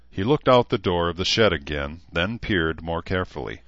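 A man reading an audiobook in a measured, even narration. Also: sits low, no echo, muffled recording. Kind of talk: scripted narration.

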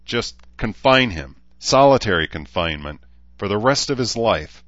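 A man's voice: lowish voice, expressive, normal speed, a bit bright, no room sound, dull audio, pitched above the performer's own voice. A man voicing a bitter, hot-tempered young woman who speaks in curt, clipped retorts, in an audiobook. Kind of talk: audiobook character voice.

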